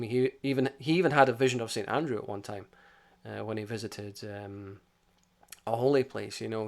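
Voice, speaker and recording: A man talking history off the cuff, animated and blunt, with plenty of swearing. He keeps leaning on "you know" as he builds his points. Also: medium pitch. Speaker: history channel host. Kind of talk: casual unscripted monologue.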